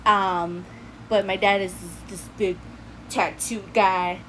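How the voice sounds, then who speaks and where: A young woman from New City, telling a personal story in casual chat from her bedroom, animated and laughing often as she acts out quotes. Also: medium pitch, slow pace, noisy background. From New York City.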